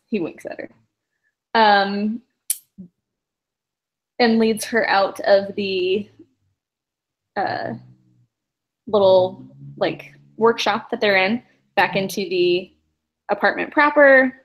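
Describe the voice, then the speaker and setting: Woman game master, casual rambling narration full of fillers, mid-pitched. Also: slow, long pauses, highs cut off. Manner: rambling, many fillers and laughs.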